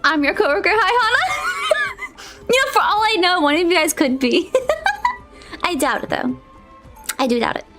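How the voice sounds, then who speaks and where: A woman's voice: high-pitched, animated, normal speed, pauses often, music in the background. A woman streamer chatting casually to her viewers, giggly and flustered, squealing often and talking to herself as she fixes her setup. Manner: talks to herself while fixing her setup. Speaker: VTuber streamer. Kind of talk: casual live-stream chat.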